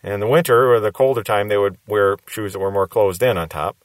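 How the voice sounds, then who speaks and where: A man's voice: fairly low pitch, a little fast, no room sound. A man preaching a verse-by-verse Bible teaching sermon, explaining patiently and repeating key phrases for emphasis.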